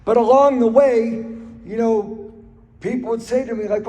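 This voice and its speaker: In a reverberant hall, a man recounts his recovery with earnest storytelling and repeated phrases for emphasis. His very high, mellow voice stays fairly even in intonation, running a little slow with frequent pauses.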